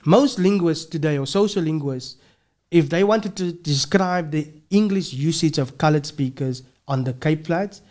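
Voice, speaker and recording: A man's voice: on the high side, moderate pace, darkish tone. A man, a linguistics professor talking as a podcast guest, explaining earnestly and restarting his words often. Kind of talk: casual interview talk.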